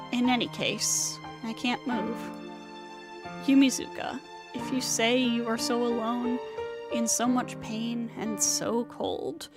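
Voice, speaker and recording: A woman voicing a calm, kind teenage boy who speaks in a soft, reassuring way, over music. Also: a little high, natural voice. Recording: music playing behind.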